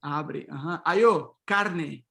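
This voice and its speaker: A middle-aged man runs an online pronunciation workshop over video call, calling on students, repeating their words back and affirming them often. His voice sits on the high side, gravelly and fairly bright, and he takes his time.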